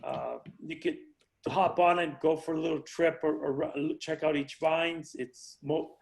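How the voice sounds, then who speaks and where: A middle-aged man, a winery owner, chatting casually on a video call and speaking haltingly with many restarts. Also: fairly high pitch, steady tone, creaky, poor audio.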